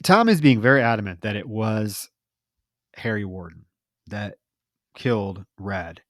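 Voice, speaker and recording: A man co-hosting a podcast, recapping a film plot in a casual, animated way. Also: on the low side, unhurried, no room sound, studio quality. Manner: animated retelling with lively emphasis. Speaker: podcast co-host.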